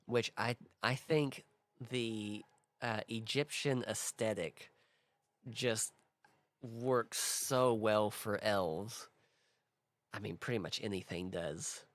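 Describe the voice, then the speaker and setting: A man's voice: fairly low pitch, takes it slowly, a bit bright, no echo. A man hosting a casual worldbuilding talk, thinking aloud in a rambling way with restarts and small laughs. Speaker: host.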